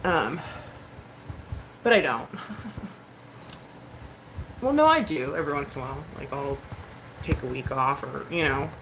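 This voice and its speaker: A woman's voice: a bass voice, expressive, unhurried, long pauses, a bit bright, rough recording. A woman in her thirties chatting casually on a livestream, candid and emotional, swearing freely and full of likes and ums. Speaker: livestream host. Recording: noticeable background noise.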